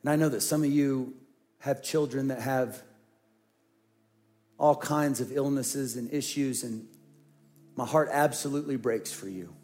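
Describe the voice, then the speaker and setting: A man's voice: mid-range voice, a little slow, pauses often, a little mellow, faint music behind. A middle-aged man, a senior pastor, preaching a sermon and telling a personal story earnestly, often repeating phrases.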